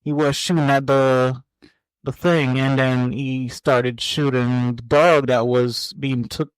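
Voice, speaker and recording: Man in his 40s, podcast co-host, slow-spoken and hesitant, clear smooth voice, higher-pitched. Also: fairly even intonation, no echo, rough recording. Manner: slow, hesitant, repeats words while gathering thoughts. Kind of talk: casual movie chat.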